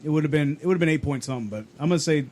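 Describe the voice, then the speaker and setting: A man's voice: fairly high pitch, rapid-fire, a little mellow, slight background noise. A man in a casual chat, explaining things loosely with lots of "like" fillers.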